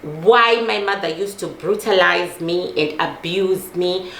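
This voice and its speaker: A woman's voice: on the low side, slow, fairly bright tone, echoey room, a little hiss or hum. A middle-aged woman giving an intense personal monologue, emphatic and repeating lines for force, swearing as she talks. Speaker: host.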